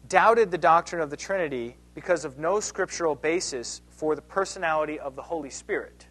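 A man's voice: on the high side, a bit bright. A man giving a history lecture with slides in a conversational way, asking his audience questions and often restarting his phrases.

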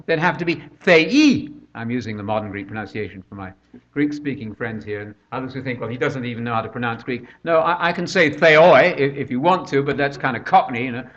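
A man's voice: on the high side, fairly bright tone. An older man preaching a conversational sermon, full of rhetorical questions, recorded on a dull lo-fi track.

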